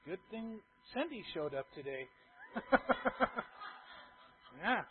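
A pastor with a fairly high voice preaches slowly to his church, his pitch swinging widely between hushed, near-murmured asides and loud, emphatic repeated lines. He often pauses to question the congregation, and the sound is thin and tinny like a phone line.

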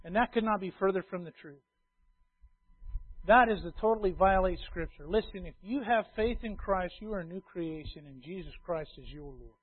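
High-voiced preacher man, tinny phone-like sound. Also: no echo. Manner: emphatic, repeats key phrases, swings between loud and hushed. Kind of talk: sermon.

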